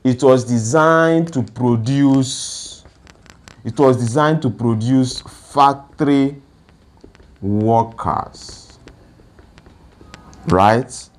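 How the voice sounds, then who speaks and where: Slow, deliberate man lecturing. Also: mid-range voice. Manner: slow and deliberate, asks rhetorical questions then answers them. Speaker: education speaker. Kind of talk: lecture-style talk.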